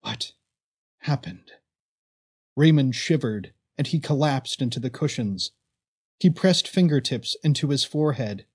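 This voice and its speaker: A man narrating a story in a measured, expressive way. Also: medium pitch, husky. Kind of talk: audiobook narration.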